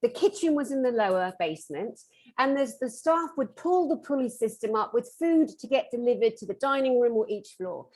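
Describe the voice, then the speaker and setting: A woman with a slightly high voice tells a story to a conference panel. She acts out the quoted lines of the people in the story with lively energy. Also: moderate pace, rough recording. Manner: animated, acts out quoted dialogue. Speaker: metaphysical therapist.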